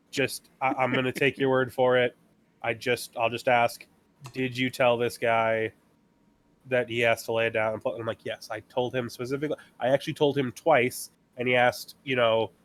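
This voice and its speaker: A man in a relaxed podcast chat, spinning long stories about customers. He acts out the back-and-forth himself in an ordinary, mid-pitched voice. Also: normal speed. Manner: storytelling, acting out customers and himself. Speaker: podcast co-host. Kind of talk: casual chat.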